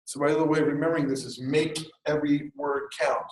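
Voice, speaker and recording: A man teaching a writing workshop in a classroom, lecturing in a lively, conversational way with jokey asides. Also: on the high side, fast, echoey room, a little hiss or hum, low-quality recording. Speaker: writing instructor.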